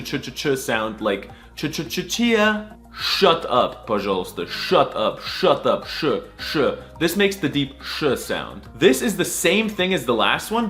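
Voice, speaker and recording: A man's voice: on the high side, a bit bright. A man giving a sarcastic, crude mock alphabet lesson, drawing out letter sounds over and over. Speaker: comic language teacher.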